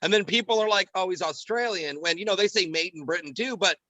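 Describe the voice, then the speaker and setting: On a podcast, a radio show comedian guests and chats casually, a bit giggly, talking fast with lots of fillers. His high voice sounds pushed and bright, with no echo and poor audio quality.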